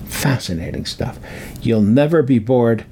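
A man's voice: mid-range voice, lively intonation, measured pace, warm tone, a little hiss or hum. An older man telling a rambling personal story, repeating words for emphasis. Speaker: speaker on metaphysics.

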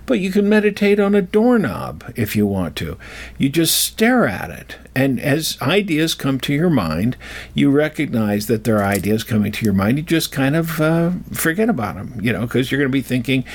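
A man's voice: mid-range voice, sing-song, normal speed. An older man talking casually and wandering off track, often restarting his sentences as he tells a personal story and gives advice. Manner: digressive, self-interrupting storyteller. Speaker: speaker giving life advice. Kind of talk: casual rambling monologue.

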